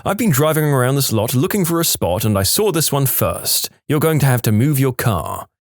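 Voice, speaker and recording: A man voicing a pushy, entitled woman in a parked car, shrill and demanding. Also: big pitch swings, normal speed, no room sound, clean studio sound. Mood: indignant.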